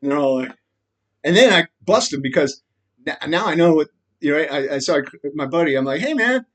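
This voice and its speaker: Man vlogger, rambling profane rant, agitated, slightly higher voice, frequent "right?". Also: a little fast. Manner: frequent laughs and repeated "right?". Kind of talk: rambling monologue.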